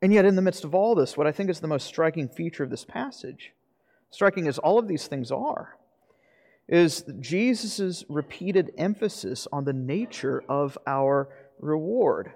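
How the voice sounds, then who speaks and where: A man's voice: on the high side, expressive, unhurried, creaky, darkish tone. A pastor preaching a sermon earnestly, asking his listeners rhetorical questions. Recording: long reverb of a hall.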